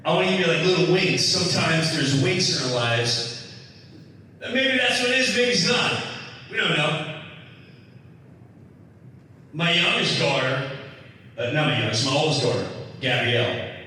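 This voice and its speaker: Middle-aged comic, animated rambling storyteller, recorded far off in a reverberant hall. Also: male voice, moderate pace, pauses often. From United States. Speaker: comedian host. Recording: echoey hall from far off with low rumble.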